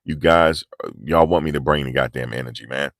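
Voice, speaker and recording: A man's voice: extremely low pitch, fairly quick, fairly bright tone, no echo. A man giving live, slangy street commentary outdoors in cold, rainy weather, pushing his energy up as he talks. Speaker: vlogger.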